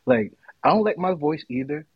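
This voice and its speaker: A man co-hosting a podcast in casual, candid chat, with a deep radio voice and laughing asides. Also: expressive, moderate pace, creaky, breathy edge, no echo, dull audio. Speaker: podcast co-host.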